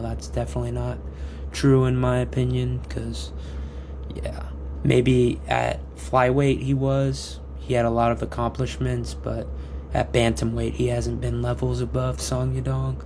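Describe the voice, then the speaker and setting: Brief: male podcast host, monotone, gravelly, calm analysis over a noisy line. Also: medium pitch. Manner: measured, hedging opinions. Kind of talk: casual MMA analysis. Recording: noisy background hiss.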